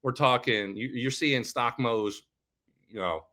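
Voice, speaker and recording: This is a man hosting his own channel and telling a personal story off the cuff. His voice is bright and forceful, with a middle pitch. He plays out the back-and-forth of the conversations with lively energy. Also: takes it slowly. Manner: animated, acts out both sides of conversations. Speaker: finance video host. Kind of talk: casual storytelling.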